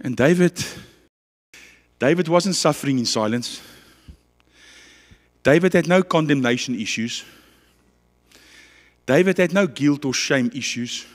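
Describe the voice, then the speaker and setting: A man with a South African accent preaching a passionate, dramatic sermon that swings between loud and quiet. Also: fairly high pitch, lively intonation, unhurried, long pauses, big-room sound.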